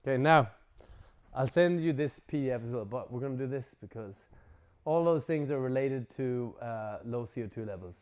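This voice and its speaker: A man teaching a breathwork workshop to a group, casual and lively, swearing now and then and acting out examples. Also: mid-range voice, moderate pace. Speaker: breathwork instructor.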